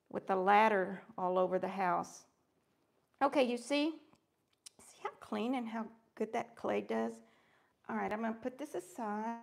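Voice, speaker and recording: Her voice is a little high with a touch of vocal fry as she hosts a live crafting session. She greets viewers by name and keeps the conversation upbeat and friendly while she crafts.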